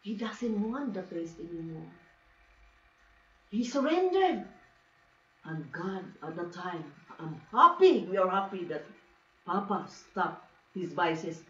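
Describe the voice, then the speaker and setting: A woman's voice: on the low side, slow pace, long pauses. A woman with a Filipino accent giving an emotional personal testimony, speaking broken English mixed with Cebuano. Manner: emotional, animated storytelling, laughs often. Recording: roomy, distant, dull lo-fi sound.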